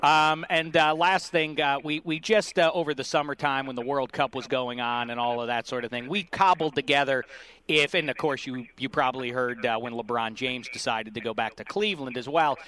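A man's voice: medium pitch, fairly even intonation, a little fast, pushed and bright. A man hosting a sports radio interview, playful and teasing, with rambling questions. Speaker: radio host interviewing an athlete.

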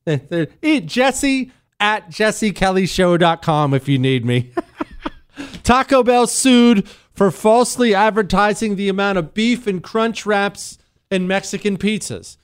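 Male talk radio host, sarcastic ranting, lively and resonant. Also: sits high, unhurried, smooth. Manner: sarcastic, animated rants with laughs. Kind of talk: radio talk show monologue.

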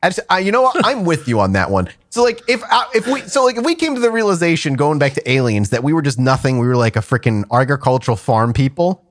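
Lively, rambling man on a podcast. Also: on the high side, fast, hardly any pauses. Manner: animated, rambling, many fillers and restarts. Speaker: podcast co-host presenting the research. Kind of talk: casual podcast chat. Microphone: remote call over a video chat app.

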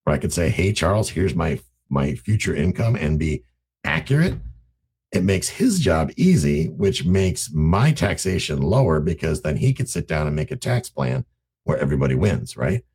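A man teaching real estate investing in a casual, animated way, acting out conversations in raised voices. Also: extremely low pitch, moderate pace, creaky, breathy edge. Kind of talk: casual teaching talk to camera.

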